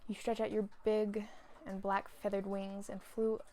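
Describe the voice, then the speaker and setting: A woman's voice: medium pitch, little pitch movement, measured pace, dark tone, slight background noise. A woman who chats in a rambling way and laughs often, sounding out of breath, before reading a fan story aloud. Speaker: fanfiction reader. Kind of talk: casual chat, then reading a story aloud.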